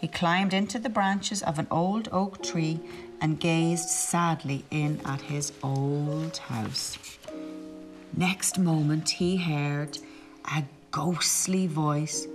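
A woman reads a picture book aloud, expressive and unhurried. Her voice sits a little low and she takes her time over each line. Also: music in the background. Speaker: storybook reader.

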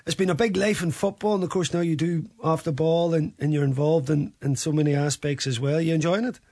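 A man's voice: a little high, fairly even intonation, brisk, a little mellow. A man hosting a casual radio sports chat, teasing and chatty with frequent restarts. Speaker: radio sports show host.

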